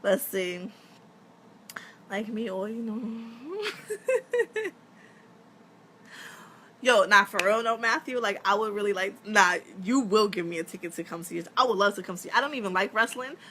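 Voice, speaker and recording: A bright, sharp-toned woman in her thirties talks casually to her followers on a live stream. She tells stories with lots of energy, laughs often and swears without a second thought. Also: mid-range voice, unhurried, pauses often, a little hiss or hum. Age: 30s. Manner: animated storytelling, laughs often, swears freely.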